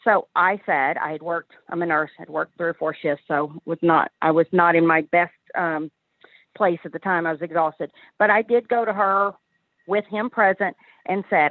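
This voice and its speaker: A woman's voice: on the low side, fairly even intonation, no echo. Hesitant woman caller on a tinny phone line. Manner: hesitant, halting, many restarts. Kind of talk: call-in advice conversation.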